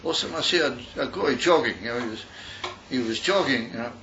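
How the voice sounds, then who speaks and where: A man's voice: mid-range voice, quick pace. An older man from Australia, telling a meandering story at a yeshiva gathering and mixing in Yiddish words. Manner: meandering, repeats and restarts, mixes in Yiddish words. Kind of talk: rambling storytelling talk. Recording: dull, noisy recording.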